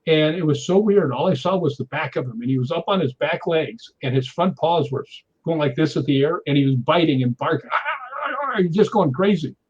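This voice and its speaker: A man, a guest on a chat show, telling an animated story and tagging his sentences with "right?". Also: on the high side, moderate pace, few pauses, breathy edge, muffled recording.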